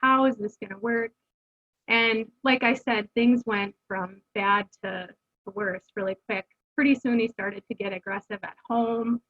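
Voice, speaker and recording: A woman's voice: a little high, steady tone, measured pace, a bit bright, lo-fi sound. A middle-aged woman telling her family's story as an interview guest, earnest and conversational, with fillers and restarts. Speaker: guest, homeschooling mother. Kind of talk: candid personal storytelling.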